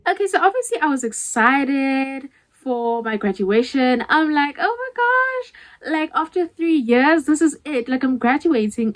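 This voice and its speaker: Woman, South African accent, twenties, slightly high voice, chatty storytime vlog, acts out dialogue. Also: low-quality recording. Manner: animated storytelling, acting out dialogue; chatty, many "like" fillers. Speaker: vlogger.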